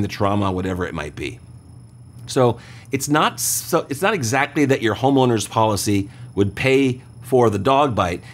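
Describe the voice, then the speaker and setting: Radio host guy, chatty, walks you through it step by step, medium voice. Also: medium pitch. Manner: conversational, explains step by step, checks in with listeners. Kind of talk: call-in radio advice talk.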